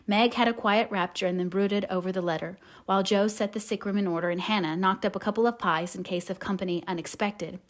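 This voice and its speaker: A woman audiobook narrator reading a classic novel aloud in a measured, gentle way. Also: mid-range voice, fairly even intonation.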